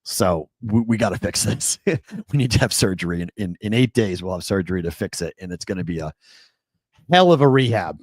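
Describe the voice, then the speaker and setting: A man hosting a sports talk show, telling stories in an animated, excitable way, full of fillers and restarts. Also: low voice, brisk, no echo. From New England. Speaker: sports talk radio host. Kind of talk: casual sports talk storytelling.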